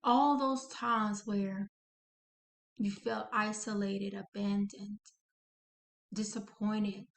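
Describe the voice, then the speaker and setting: A woman hosting an inspirational channel, narrating a guided visualization slowly and dramatically, speaking to the listener as "you". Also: medium pitch, flat delivery. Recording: echoey room.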